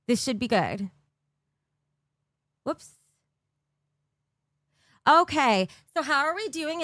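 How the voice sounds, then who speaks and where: A high-pitched woman streams live from her bedroom on a desk mic, chatting and giggling with viewers. Her voice is dry and close, with no room echo at all. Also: fairly bright tone. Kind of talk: casual live-stream chat.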